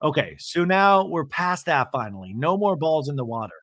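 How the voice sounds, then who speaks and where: A man hosting a casual comedic podcast recap, animated and quick to mimic the people he describes, swearing now and then. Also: a little high, no echo. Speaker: podcast host recapping reality TV.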